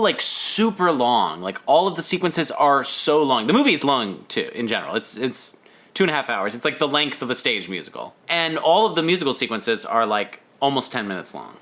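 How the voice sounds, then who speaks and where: A man co-hosting a podcast, chatting casually about a film, laughing often and restarting his sentences. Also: mid-range voice. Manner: lively, laughing, trails off and restarts. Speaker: podcast co-host.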